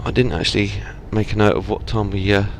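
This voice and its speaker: An English man from England plays a truck driving game at home on a driving-sim rig, talking back to the traffic with casual, self-mocking commentary. His voice sits fairly low, with a steady tone and a fast pace, in the style of a let's play gamer.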